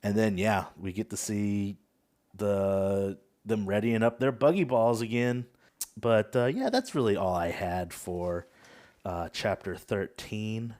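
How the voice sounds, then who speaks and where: A man's voice: on the low side, slow pace, a little mellow. A man chatting casually on a podcast in an easygoing way, hesitating often with ums and uhs. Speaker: podcast co-host.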